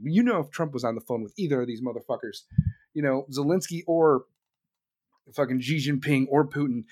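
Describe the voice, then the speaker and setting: A man ranting heatedly in a profane, mocking comedic tirade. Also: mid-range voice. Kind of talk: profane comedic political rant.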